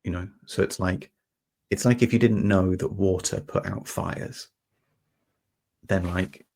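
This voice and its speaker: A man with a fairly low voice and a noticeable gravelly fry talks through an idea on a podcast. He rambles, restarts his sentences and leans on simple everyday examples. The delivery is casual and conversational. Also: fairly even intonation, unhurried, darkish tone. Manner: meandering, many fillers and restarts, explains through homely examples. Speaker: podcast host. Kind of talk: reflective conversational explanation.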